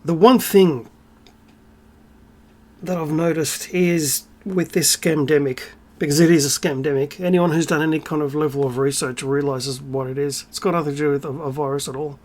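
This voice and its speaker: A man's voice: on the high side, normal speed. Sarcastic man ranting to camera. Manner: sarcastic, irreverent and swearing; animated, with bursts of emphasis and laughter. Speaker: channel host. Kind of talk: ranting solo vlog monologue.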